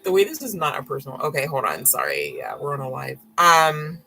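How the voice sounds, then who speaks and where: Low, bright-voiced woman reading tarot. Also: wildly swooping pitch, a little fast, gravelly, poor audio. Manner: rambling and frank, swears, apologizes often. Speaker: tarot reader. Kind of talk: live-stream tarot reading.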